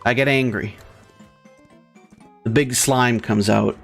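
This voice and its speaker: A man's voice: medium pitch, steady tone, slow, creaky, soft background music. A man doing gameplay commentary in a crude, sarcastic, profane rant. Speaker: let's play host.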